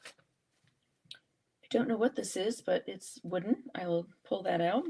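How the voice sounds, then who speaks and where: A woman's voice: mid-range voice, takes it slowly, vocal fry, warm tone, husky. A woman hosting a live art journaling session, chatting and thinking aloud as she works through a casual craft demonstration.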